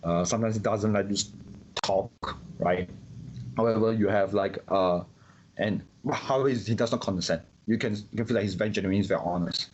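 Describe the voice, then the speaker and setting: A Singaporean man chatting casually in a fairly low voice, tripping over his words and repeating himself as he gets animated. The recording sounds muffled and lo-fi. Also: a little fast, a little hiss or hum. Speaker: guest. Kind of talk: casual conversation.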